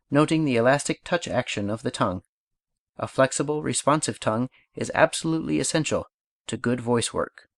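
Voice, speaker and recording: A man narrating an audiobook, reading poems and exercises in a measured way that slows for verse. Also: mid-range voice, no echo, clean studio sound.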